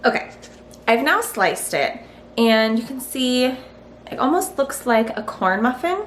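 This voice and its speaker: A woman's voice: high-pitched, big pitch swings, slow pace, fairly bright tone. Chatty woman in an echoey kitchen. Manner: chatty, frank, thinking aloud. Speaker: cooking vlogger. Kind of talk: casual recipe-testing vlog. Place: home kitchen. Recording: roomy kitchen echo, faint hiss.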